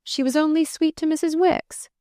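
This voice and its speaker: A woman voicing a charming, flustered gentleman who speaks to a child fondly and teasingly but uneasily, in an audiobook. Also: high-pitched, steady tone, normal speed, no room sound, studio quality, voice pushed up, natural voice.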